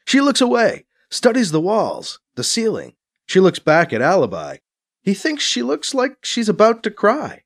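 A man reading scripted audiobook narration in a steady, plain storytelling manner. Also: high voice, normal speed.

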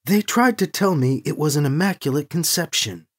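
A narrator voicing a calm, earnest young woman who speaks plainly. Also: sits low, moderate pace. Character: calm young mother rescuing a prisoner.

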